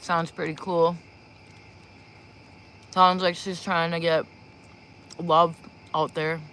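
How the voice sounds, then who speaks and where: A woman with a fairly low, level, slightly bright voice chats casually on a livestream before giving spiritual readings, talking into a propped-up phone in a small room. She speaks slowly, rambling and giggling, with slight background noise audible.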